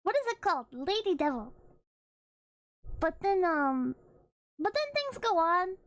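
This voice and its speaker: A woman's voice: very high-pitched, very animated, unhurried, no room sound. A woman streamer chatting casually, rambling with frequent laughs and swearing. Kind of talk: casual chat.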